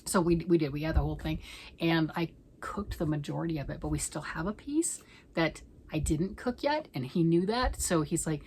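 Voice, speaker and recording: Chatty, rambling middle-aged woman, lowish voice. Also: expressive, moderate pace, a little hiss or hum, low-quality recording. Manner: rambling and chatty, often dropping to a soft near-whisper. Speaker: knitting vlogger. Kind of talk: casual chat.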